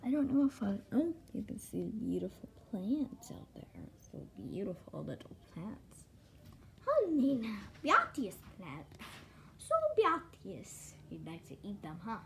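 A woman gives a casual, excitable home-tour vlog, chatting to her dogs and giggling often. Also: mid-range voice, normal speed, vocal fry, hardly any pauses, a little hiss or hum. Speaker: vlogger giving a home tour. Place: rural home, filming out the windows.

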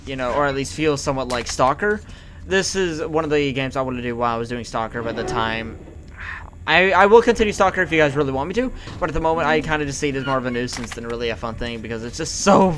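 An excitable man chatting through a video game, cursing and exclaiming as he plays. His voice sits a touch high and jumps around a lot, with game noise running under it. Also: fast talker. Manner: excitable, swearing, frequent exclamations. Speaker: let's play gamer. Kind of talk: casual gameplay commentary.

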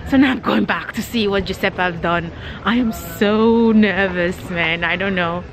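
A woman's voice: medium pitch, unhurried, music in the background, rough recording. A woman vlogging casually outdoors, scolding and exasperated in a dramatic way. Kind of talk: casual vlog chat.

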